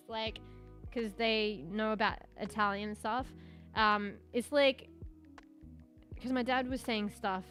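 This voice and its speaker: A woman's voice: on the high side, steady tone, takes it slowly, a bit bright, soft background music. An Australian woman streaming as a VTuber, chatting casually in a rambling way, swearing and chuckling now and then. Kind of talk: casual live-stream chat.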